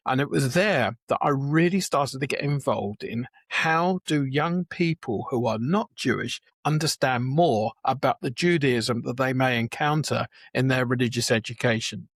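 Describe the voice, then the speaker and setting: Husky older guy in his 70s, chatty storyteller, dry close sound. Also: mid-range voice, no room sound. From England. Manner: chatty storyteller, restarts and chuckles. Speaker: guest, Jewish educator. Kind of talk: conversational interview.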